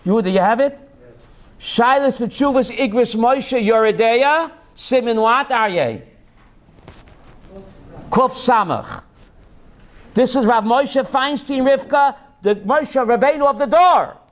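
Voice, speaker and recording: A man with a strikingly high voice teaches a text-study class as a rabbi. He reads Hebrew lines aloud, translates them, and keeps calling on students by name with quick questions. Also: expressive.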